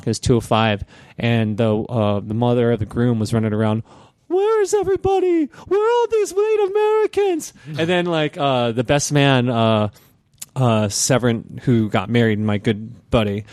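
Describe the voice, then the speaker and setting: A man in mid pitch tells a rowdy story on a podcast, swearing freely and jumping into put-on voices for the people in it. His voice sounds dry and close to the mic. He keeps talking, with no polish and plenty of restarts. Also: dry recording. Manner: lively, profane, animated storyteller who acts out voices. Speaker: podcast co-host. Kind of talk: casual storytelling chat.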